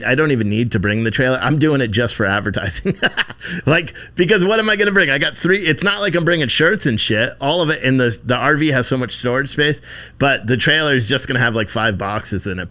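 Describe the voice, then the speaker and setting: A man's voice: medium pitch, lively intonation, brisk, sharp tone. A man hosting a live stream, chatting casually and rambling with heavy swearing while he thanks viewers for donations. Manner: profane, rambling, thanks donors by name. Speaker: livestream host.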